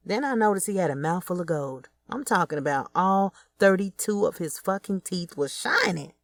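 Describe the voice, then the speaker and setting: A woman's voice: on the low side, moderate pace, few pauses, no echo. A woman narrating a first-person audiobook in a blunt, profane, streetwise way.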